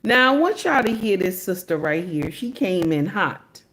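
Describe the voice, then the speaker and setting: Female livestream host, sassy and preachy, mid-pitched voice, repeats herself for emphasis. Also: very animated, normal speed, fairly bright tone. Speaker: commentary host reacting to clips. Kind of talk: casual reaction commentary.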